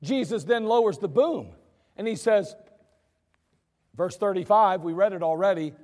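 A man preaching a sermon as pastor, in a chatty, animated storytelling way. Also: sits high, moderate pace. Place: church sanctuary. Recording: long reverb of a church hall.

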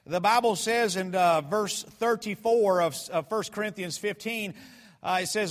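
High-pitched male preacher, fervent and storytelling, in a reverberant hall. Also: a little slow. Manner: fervent, storytelling, swings from hushed to shouting. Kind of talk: sermon.

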